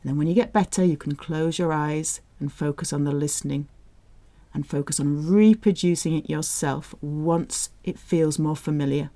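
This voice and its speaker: A woman teaching French, speaking with slow, clear enunciation on the example phrases. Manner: lively jumps in pitch on example phrases. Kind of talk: audio language lesson.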